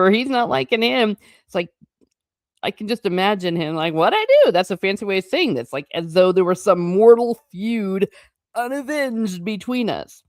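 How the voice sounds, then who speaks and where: A woman's voice: mid-range voice, darkish tone, no echo, clean studio sound. A woman reading a classic novel aloud, stopping often for chatty, playful asides. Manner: chatty asides between passages, quick and playful. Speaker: book reading channel host.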